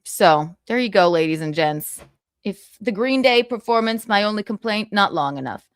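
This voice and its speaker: A woman hosting a casual livestream, reading viewer comments out loud in a brash, profane, giggly way. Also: medium pitch, lively intonation, normal speed, no room sound, clean studio sound. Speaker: livestream host.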